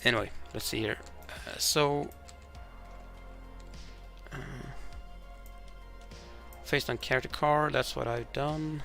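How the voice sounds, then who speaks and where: A man playing a board game alone, reading the rules and story cards aloud and thinking out loud with hesitant restarts. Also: medium pitch, takes it slowly, vocal fry, long pauses, soft background music. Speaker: board game player demonstrating a game.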